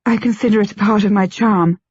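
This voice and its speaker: A woman's voice: medium pitch, fairly even intonation, fairly quick, a little mellow, slightly rough, dry recording, natural voice. A woman voicing a proper, witty young lady with a teasing manner, in an audiobook. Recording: dull lo-fi, dry.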